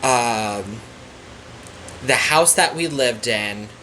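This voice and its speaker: A man from Florida, a psychic medium guest on a casual podcast, rambling through a story with many pauses and restarts. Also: mid-range voice, expressive, bright, forceful tone, a little hiss or hum, poor audio. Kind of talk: casual chat.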